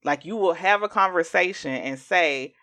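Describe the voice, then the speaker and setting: A woman hosting a podcast in casual chat, animated and acting out what other people say. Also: moderate pace. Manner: animated, acts out quoted speech in jumps of pitch. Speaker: podcast host.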